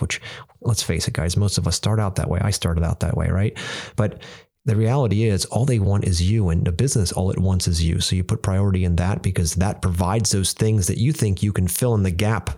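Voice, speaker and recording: A man's voice: low voice, darkish tone. A man hosting a casual podcast, earnestly coaching listeners and talking straight to them. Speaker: podcast host.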